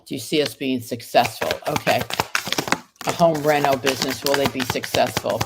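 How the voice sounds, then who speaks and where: A woman's voice: a bass voice, steady tone, normal speed, vocal fry, heavy background noise. A woman reading tarot cards on a live stream, reading viewers' questions aloud and answering them card by card while recovering from an illness. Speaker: tarot reader.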